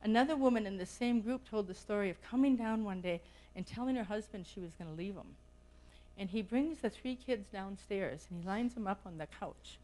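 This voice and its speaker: A woman's voice: medium pitch, fairly quick, darkish tone, poor audio. Impassioned woman giving a conference talk. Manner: impassioned, questioning, urgent delivery. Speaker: conference speaker. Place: conference hall.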